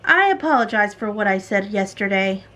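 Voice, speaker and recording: A woman's voice: medium pitch, big pitch swings, moderate pace, fairly bright tone. Brief: woman reading as a skittish, fussy husband in a storybook, voice swooping up and down. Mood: hearty. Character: fussy, jumpy grown man of the house. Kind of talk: storybook read-aloud.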